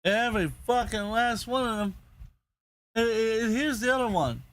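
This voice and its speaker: A man's voice: sits high, expressive, moderate pace, fairly bright tone. A man on a casual podcast, ranting angrily and swearing constantly, repeating himself as he gets worked up. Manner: angry, profane, repetitive ranting. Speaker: podcast host.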